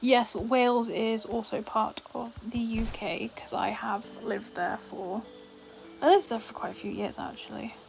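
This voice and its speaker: A woman's voice: fairly high pitch, steady tone, measured pace, vocal fry, faint music behind, low-quality recording. A woman from Scotland chatting while she streams a game, over-pronouncing her words to mask a faint Scottish accent, with lots of fillers. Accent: faint Scottish, mostly hidden. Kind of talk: casual gaming stream chat.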